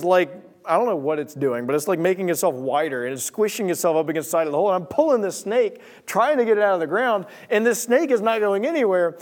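A young man tells a story from the pulpit, his voice sitting a little high. He speaks in an animated way and acts out the voices and sound effects in his story. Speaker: preacher. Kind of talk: sermon storytelling.

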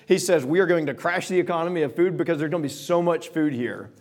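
A man preaching a sermon, retelling scripture passages in casual modern words and reading the old verses slowly. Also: fairly high pitch. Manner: reads King James verses slowly and solemnly. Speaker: pastor.

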